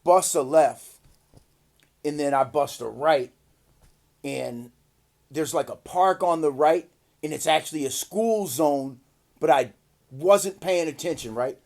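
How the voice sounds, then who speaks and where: A man telling a casual, profane story to his viewers, acting out the quotes loudly. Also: on the high side, slow, creaky, long pauses. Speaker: vlogger.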